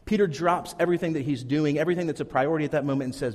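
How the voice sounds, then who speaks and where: The pastor speaks rapid-fire while earnestly retelling a Bible story and dramatizing its quotes in his sermon. His voice sits on the high side, a little mellow, with a long reverb tail behind it.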